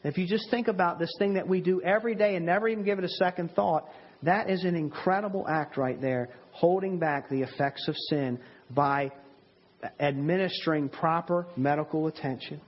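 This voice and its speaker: A man's voice: a little high, moderate pace, breathy edge, lo-fi sound. A man preaching a sermon in an earnest, emphatic way, often repeating words and restarting his sentences.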